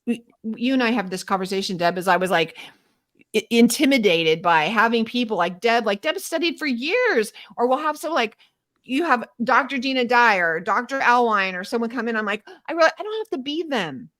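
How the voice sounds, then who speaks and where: A woman's voice: fairly high pitch, expressive, normal speed, a bit bright. A middle-aged woman hosting a casual faith discussion, chatty and self-deprecating, acting out little prayers and inner dialogue as she talks. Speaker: host of a Torah study show.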